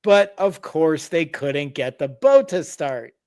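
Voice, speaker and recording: Higher-voiced man telling stories casually. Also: sing-song, slow, darkish tone, clean tone. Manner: explains game rules with wry asides. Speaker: podcast host. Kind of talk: casual storytelling.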